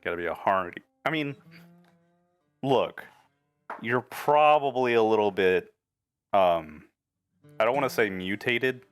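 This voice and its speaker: A man running a tabletop game as game master, talking in a gruff, laid-back, sweary way with a low pirate-like voice. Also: expressive, measured pace, long pauses, no echo, soft background music.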